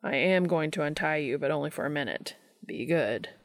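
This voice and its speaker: A woman voicing a gentle, teasing man who speaks in soft murmurs. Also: low voice, animated, a little fast, no room sound, pitched below the performer's own voice. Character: gentle, teasing man caring for his partner.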